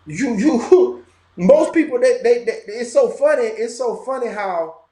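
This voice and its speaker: A man's voice: very high voice, measured pace, reverberant. A man with a Southern Florida twang talking emphatically in a casual conversation, repeating himself for effect. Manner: animated, emphatic, repetitive. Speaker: podcast guest.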